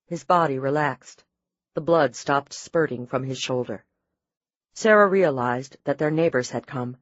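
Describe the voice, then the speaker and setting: A woman reads an audiobook in a low, steady, measured voice. The recording is dry and close, with a slightly dull, muffled tone. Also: no echo. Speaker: audiobook narrator. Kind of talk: scripted narration.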